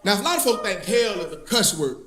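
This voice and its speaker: A man performing stand-up on a club stage, his voice unusually high and swinging widely in pitch. He drawls through stories and shouts out the punchlines, and the room around him rings with echo and audience laughter. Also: animated, a little fast. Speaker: stand-up comedian. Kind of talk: stand-up comedy set.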